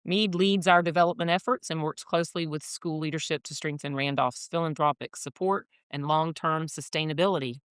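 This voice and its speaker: Woman, podcast co-host, low voice, smooth, dry studio sound. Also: fairly even intonation, brisk, hardly any pauses, dry recording. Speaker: podcast co-host, admissions director. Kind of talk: podcast hosting.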